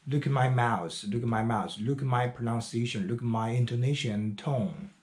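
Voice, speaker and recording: A man with Chinese as his first language teaching English pronunciation, repeating words one at a time with drawn-out fillers. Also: medium pitch, a little mellow, echoey room. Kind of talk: slow pronunciation drill lesson.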